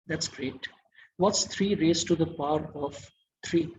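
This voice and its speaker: A man's voice: on the high side, unhurried, lo-fi sound, a little hiss or hum. A man giving an online masterclass lecture, quizzing his audience and praising their answers.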